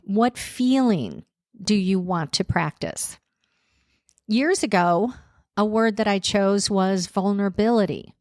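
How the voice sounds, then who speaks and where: A woman life coach hosts her solo podcast in an encouraging tone, asking her listeners one question after another. She talks slowly and deliberately, with a hint of a lingering cold. The recording is dry and close, with no room sound. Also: mid-range voice, a little mellow, no room sound. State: recovering from a cold.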